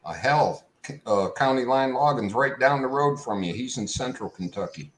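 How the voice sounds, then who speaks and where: A man's voice: medium pitch, expressive, normal speed, slight background noise. A man joking around in a casual group chat. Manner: joking, wisecracking.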